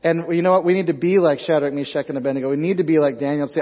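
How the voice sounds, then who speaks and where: Emphatic preacher, higher voice, lo-fi. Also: male voice, steady tone, very fast. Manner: emphatic, rhetorical questions, reads scripture aloud. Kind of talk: sermon with scripture reading. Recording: dull lo-fi sound.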